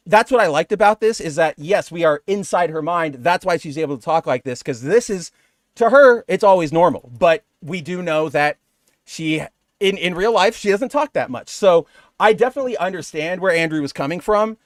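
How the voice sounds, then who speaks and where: A man's voice: high voice, lively intonation, moderate pace, no room sound, studio quality. A man co-hosting a comic book podcast, chatting casually and rambling with lots of fillers. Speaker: podcast co-host.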